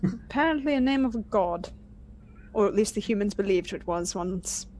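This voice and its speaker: A woman's voice: mid-range voice, animated, moderate pace, a little mellow. A woman player in a tabletop game, chattily describing what her character does.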